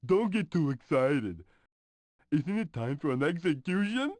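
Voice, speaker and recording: Breezy game guide to hell. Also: male voice, fairly high pitch, big pitch swings, a little slow, a little mellow, no room sound, studio quality. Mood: calm. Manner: breezy, matter-of-fact about grim things. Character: jaunty man explaining how to reach hell. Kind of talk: dubbed video game dialogue.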